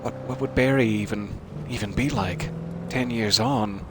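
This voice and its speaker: A man giving casual, wry gameplay commentary, joking and self-deprecating, with sudden jumps in pitch for his jokes. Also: unhurried, creaky, noisy background. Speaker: let's play host.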